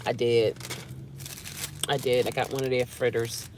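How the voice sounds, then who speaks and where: A woman's voice: extremely low pitch, level tone, unhurried, darkish tone, a little hiss or hum. A woman vlogging casually from her car, chatting and humming over her food. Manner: chatty, savoring food with hums. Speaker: vlogger and rideshare driver. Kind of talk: casual chat while eating in a car.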